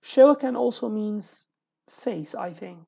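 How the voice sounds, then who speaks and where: A woman with a medium-pitched, creaky, dark voice and a breathy edge teaches a casual online language class. She explains patiently, pausing frequently and repeating words, in a dull, lo-fi home recording.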